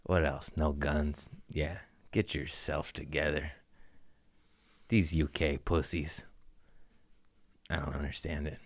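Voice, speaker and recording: A man's voice: a bass voice, little pitch movement, takes it slowly, pauses often, no echo. A man hosting a comedy podcast, rambling through crude, jokey stories in a casual monologue.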